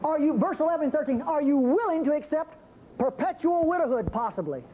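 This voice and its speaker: A man preaching a sermon, acting out the biblical speakers with sudden jumps in pitch. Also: expressive, a little fast. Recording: muffled, faintly noisy old recording.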